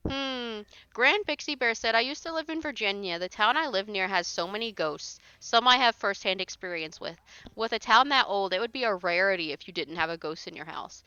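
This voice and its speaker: Blunt bright-voiced woman streamer. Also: medium pitch, animated, a little fast, clear, resonant tone, dry recording, highs cut off. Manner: blunt, exasperated, swears casually. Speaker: streamer reading paranormal posts. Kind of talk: casual live-stream chat.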